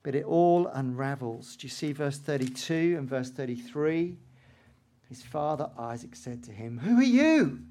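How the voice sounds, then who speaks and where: A man preaching a sermon, telling the story dramatically and swinging between hushed asides and loud, emphatic lines. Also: mid-range voice, moderate pace.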